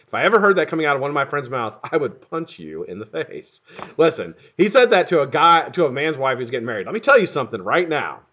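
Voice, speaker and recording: Man, live-stream host, casual profane chat, lively up-and-down pitch, slightly high voice, muffled lo-fi sound. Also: quick pace. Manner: profane, excitable, laughing often, shouting names to greet viewers. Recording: dull lo-fi webcam audio.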